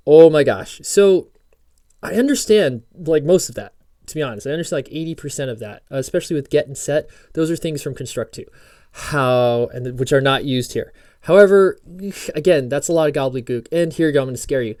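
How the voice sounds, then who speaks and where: A man's voice: a little high, animated, brisk, darkish tone, no room sound, studio quality. Rambling jokey man teaching code. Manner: rambling, self-interrupting, jokey asides while reading docs aloud. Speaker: programming course instructor. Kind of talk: casual screen-recorded tutorial.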